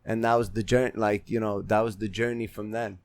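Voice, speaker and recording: A man, an actor and filmmaker, talking as a guest in a relaxed, rambling way. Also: fairly low pitch, brisk. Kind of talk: casual interview.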